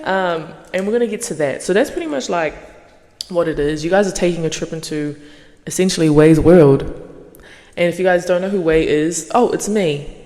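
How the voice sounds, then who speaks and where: A young woman hosting her podcast in a casual monologue, swearing freely and yapping in an animated way. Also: on the low side, long reverb tail. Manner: profane, animated, fast yapping. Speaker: podcast host.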